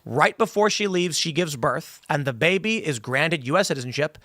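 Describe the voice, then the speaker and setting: A man hosting a panel talk show, laying out a long hypothetical scenario with animated delivery. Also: on the high side, moderate pace, dry recording, clean studio sound. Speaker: show host.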